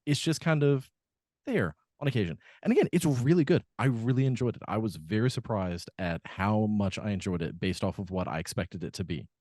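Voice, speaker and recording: Talking fairly quickly in a lowish, slightly mellow voice, a co-host works through a film in casual podcast chat. It's a dry, clean studio recording, and his speech rambles with plenty of fillers and restarts.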